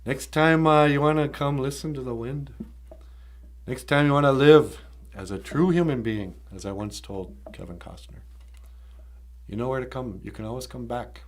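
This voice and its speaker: A man voicing a calm, wise older tribal man who speaks gently and reassuringly. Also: medium pitch, normal speed, lightly acted.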